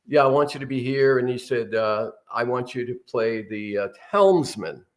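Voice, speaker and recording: A man's voice: medium pitch, expressive, normal speed. An older man, a guest actor, telling rambling anecdotes in a casual interview.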